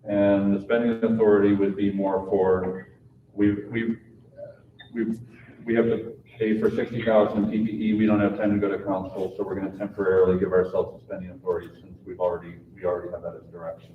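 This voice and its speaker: A man on a council walks through a budget point in an explanatory way, often repeating words as he restarts. His voice is on the low side. The sound is thin and phone-like, and the room is echoey. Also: little pitch movement, fairly quick, distant mic, slight background noise. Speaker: council member. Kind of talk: explaining budget matters at a meeting.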